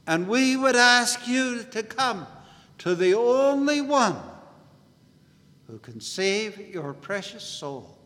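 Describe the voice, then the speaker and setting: A man preaching an earnest gospel sermon at a meeting, in a deliberate, measured way. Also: sits high, fairly bright tone. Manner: earnest, slow and deliberate preaching, biblical phrasing. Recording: long hall reverb.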